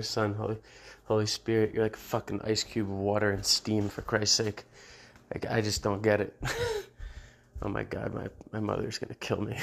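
A man's voice: lowish voice, gravelly. A man hosting his own show in a casual unscripted monologue, blunt and profane, often laughing at his own jokes. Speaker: show host.

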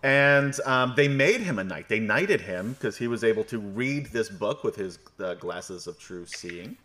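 A bright-voiced man from New York runs a game stream, recapping between jokes. His pitch swings widely and he rambles through plenty of fillers. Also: animated, unhurried. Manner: joking, rambling, many fillers. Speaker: game master. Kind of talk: livestream recap and banter.

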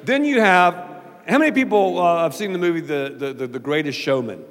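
A man from the American South preaching a sermon as pastor, animated and jokey, slipping into mock voices. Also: fairly high pitch, a little fast. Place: large church auditorium. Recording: long reverb of a large hall.

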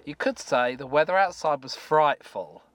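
A man co-hosting a casual morning chat show, bantering in a lively, chatty way. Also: fairly high pitch, moderate pace, no room sound. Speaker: co-host.

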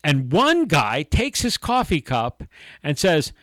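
A man's voice: a little high, slow, no room sound. A middle-aged man co-hosting a casual Christian talk show, telling stories and acting out quotes. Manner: animated storyteller, acts out quotes. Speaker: co-host of a Christian talk podcast. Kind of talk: casual faith discussion.

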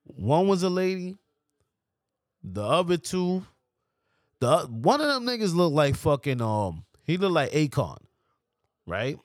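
High, lively New man storyteller. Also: measured pace, pauses often, no room sound, clean studio sound. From New York. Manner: animated, profane, mimics others' voices. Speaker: podcast guest. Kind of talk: casual storytelling.

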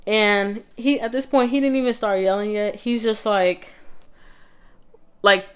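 A woman's voice: medium pitch, fairly even intonation, a little slow, smooth. A young woman vlogger telling a personal story in a casual, conversational way, with lots of fillers and restarts.

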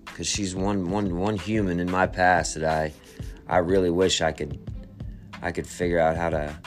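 With a flat delivery, a deep, low-voiced man tells a personal testimony quietly and reflectively. He stumbles over repeated words and restarts sentences as he searches for what to say, with faint music playing softly behind.

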